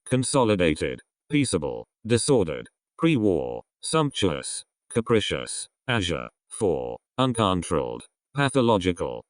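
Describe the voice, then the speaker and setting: Deep-voiced man slowly reading a word list. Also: very animated, no echo, studio quality. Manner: slow, measured reading of single words with falling ends. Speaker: vocabulary reader. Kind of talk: word list read aloud.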